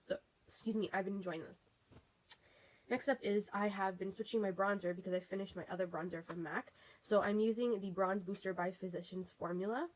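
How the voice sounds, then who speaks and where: A woman's voice: mid-range voice, rough recording. A young woman with a congested, stuffy voice from a cold, reviewing beauty products in a chatty vlog full of ums and restarts. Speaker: beauty vlogger.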